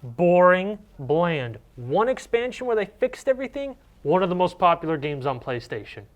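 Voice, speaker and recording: A man's voice: sits high, very animated, normal speed. A young man co-hosting a casual gaming news chat, ranting and often restarting his sentences. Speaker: co-host.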